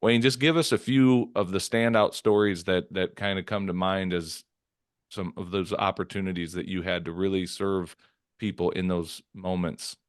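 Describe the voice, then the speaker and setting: A man with a fairly low voice hosts a podcast interview and rambles warmly. He often stops to correct himself. The sound is dry and close, with no room echo. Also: steady tone, moderate pace, clean tone. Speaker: podcast host.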